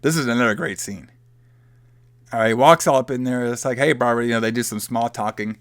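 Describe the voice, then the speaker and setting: A man's voice: medium pitch, a little fast, no echo. A man hosting a podcast, loosely and profanely retelling a movie plot in casual chat. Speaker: podcast host.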